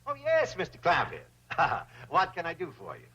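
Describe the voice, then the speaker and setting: A pompous older banker who fawns and grovels in flowery phrases, his voice pitched high. The old TV soundtrack sounds dull and hissy. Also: huge pitch swings, normal speed. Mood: smooth. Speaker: bank president. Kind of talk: 1960s sitcom acting.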